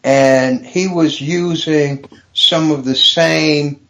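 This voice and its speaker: Man comedian guest, slightly high voice, storyteller who cracks up at his own jokes. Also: fairly even intonation, very slow, slight background noise. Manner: storytelling, builds jokes and laughs loudly at his own punchlines. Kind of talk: casual podcast chat with joke telling.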